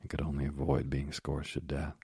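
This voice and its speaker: Narrator, male: very deep, raspy and monotone, dry booth sound, measured storybook reading. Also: dry recording.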